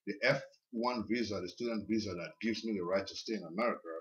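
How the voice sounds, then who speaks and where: A man who is a podcast guest, telling a personal story in a casual, animated way and often repeating words, recorded in a basement. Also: fairly low pitch, fast talker, lo-fi sound.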